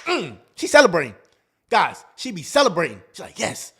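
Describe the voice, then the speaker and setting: A man's voice: sits high, huge pitch swings, a little fast, a bit bright, husky. A man hosting a dating advice talk, in a casual, slangy monologue that acts out quoted lines.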